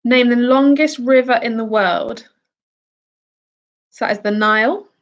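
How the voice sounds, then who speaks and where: A woman's voice: fairly high pitch, measured pace, muffled recording. A woman from the UK hosting a casual quiz, reading out each question and answer with chatty asides. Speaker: quiz host.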